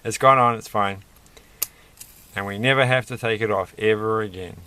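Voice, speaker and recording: A man's voice: fairly low pitch, moderate pace, sharp tone, a little hiss or hum. A man hosting a casual toy-building video, rambling and chatty with self-deprecating asides. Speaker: host.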